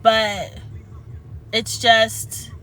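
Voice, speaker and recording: Bright, earnest woman talking about healing. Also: a little high, flat delivery, rough recording. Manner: earnest, halting, spiritual. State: tearful at moments. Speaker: spiritual vlogger. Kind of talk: emotional casual chat.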